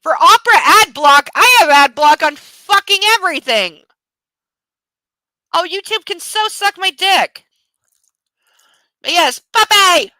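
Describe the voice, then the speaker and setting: A woman's voice: very high-pitched, expressive, measured pace, long pauses, sharp tone, no echo, low-quality recording. A woman hosting a casual late-night livestream from home, cooing baby talk to her dog and swearing freely. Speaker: livestream host.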